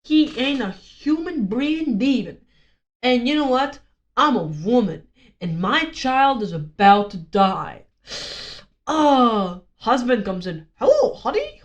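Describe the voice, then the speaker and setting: A woman vlogger ranting casually, rambling and sarcastic, swearing often. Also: a little high.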